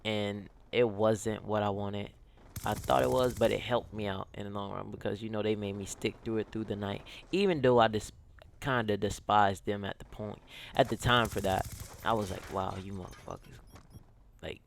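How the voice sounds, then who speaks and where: A man's voice: on the low side, fairly even intonation, moderate pace, creaky, slight background noise. A young man telling a casual storytime on his gaming channel, rambling and slangy with lots of "like" and "yo".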